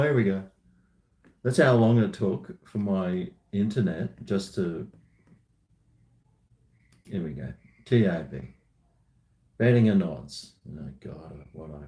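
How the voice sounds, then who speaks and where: A man's voice: fairly low pitch, dark tone, reverberant. An Australian man chatting casually on a live stream at home, joking with viewers in a laid-back way. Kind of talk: casual live-stream chat while drinking.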